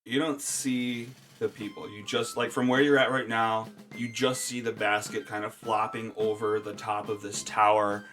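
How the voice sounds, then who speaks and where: A man's voice: fairly low pitch, flat delivery, normal speed, few pauses, a bit bright, soft background music. A man narrating a tabletop game as game master, with a hesitant delivery full of fillers.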